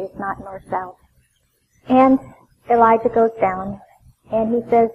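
A woman teaching an expository Bible lesson, telling the story with animated emphasis and voicing the scripture quotes. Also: on the high side, moderate pace, phone-quality sound, a little hiss or hum.

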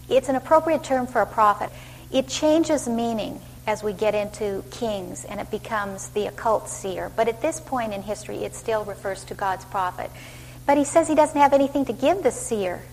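A woman teaching scripture to a group in a fairly high voice, putting lively questions to her listeners as she goes. Her voice rings with long hall reverb, and a faint hum sits underneath. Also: moderate pace. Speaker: Bible teacher. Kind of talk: Bible study teaching.

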